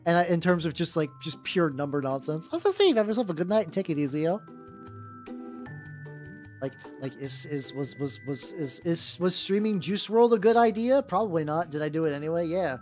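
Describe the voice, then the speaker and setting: A man's voice: on the high side, animated, fairly quick, a little mellow. A man streaming casually while he paints miniatures. He rambles, swears freely and often restarts his sentences. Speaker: VTuber streamer. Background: faint background music.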